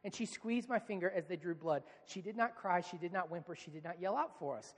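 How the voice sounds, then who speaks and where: In his thirties, a male pastor preaches with a relaxed, conversational storytelling style, acting out the lines he quotes. His voice is high-pitched and fairly quick, with a long reverb tail.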